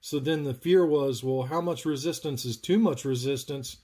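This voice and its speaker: There's a little hiss or hum as a saber builder from North Carolina, US, livestreams his soldering. His mid-range voice is darkish and moderately paced, and he chats, narrating the work and fielding viewer questions in this tutorial.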